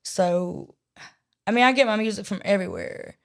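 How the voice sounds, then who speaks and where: A woman's voice: medium pitch, animated, normal speed, gravelly. A woman from Georgia with a Southern accent, talking as a podcast guest in a chatty, rambling way with many restarts. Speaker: guest singer-songwriter. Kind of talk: casual podcast interview.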